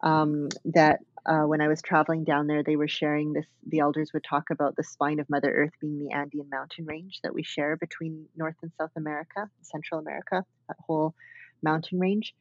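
A woman's voice: low-pitched, flat delivery, brisk, dull audio. A woman dance artist talking thoughtfully as an interview guest, with many fillers and restarts. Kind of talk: reflective conversational interview.

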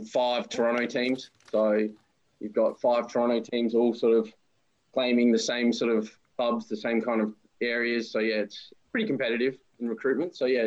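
Brief: forties Aussie bloke, relaxed storyteller, muffled remote audio. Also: male voice, medium pitch. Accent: Australian. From Australia. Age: 40s. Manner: friendly, relaxed anecdotal. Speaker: interview guest, amateur footballer. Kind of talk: casual interview storytelling.

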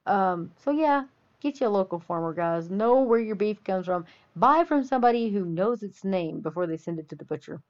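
A podcast host from the Texas Panhandle delivers an opinionated monologue in a folksy, preachy and emphatic way. She has a mid-range, animated voice and a moderate pace. The audio is dull and lo-fi.

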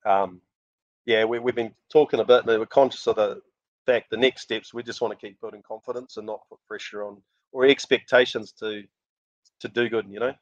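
A man's voice: fairly low pitch, fairly quick, no echo. A middle-aged man with a New Zealand accent, a rally driver telling stories as the guest in a casual podcast interview, laughing often. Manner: animated storyteller, laughs often. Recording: dull lo-fi dry sound.

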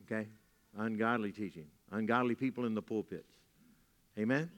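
A man's voice: lowish voice, moderate pace. A man preaching a sermon as pastor, folksy and repeating key lines for emphasis, with casual asides. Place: church hall. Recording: long reverb from a church hall.

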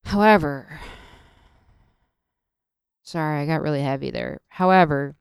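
A woman podcast host rants slowly and emotionally into a studio mic, swearing freely and breaking off to start her sentences again. Her voice has a gravelly fry under a smooth, resonant tone. The sound is close and dry. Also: low-pitched, no room sound. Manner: emotional, profane, halting with repeated restarts. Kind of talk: solo podcast rant.

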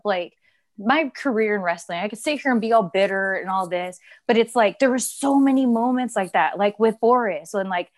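A woman in her thirties, a former wrestler co-hosting a live stream, talking in a rambling, chatty way with frequent laughs and swearing. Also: medium pitch. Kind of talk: casual live-stream chat.

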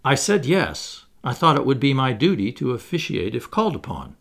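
A man reading the part of a thoughtful young clergyman in a play, measured and guarded. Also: mid-range voice, big pitch swings, vocal fry, a bit bright, heavily acted.

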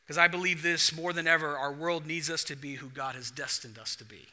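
A young adult male pastor preaching a sermon to his church, telling stories with lively acted-out dialogue. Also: fairly high pitch, a little fast, few pauses. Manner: animated storytelling, acts out dialogue.

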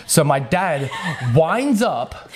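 Young male podcast host, slightly high voice, animated storyteller who laughs through his tale. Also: very slow, a little hiss or hum. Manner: animated, laughs while telling, acts out voices. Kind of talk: casual storytelling.

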